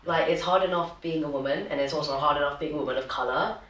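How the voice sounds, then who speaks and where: A young woman in casual chat, telling her own stories with lively laughs. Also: low voice, fast talker. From Sri Lanka. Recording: roomy, distant mic.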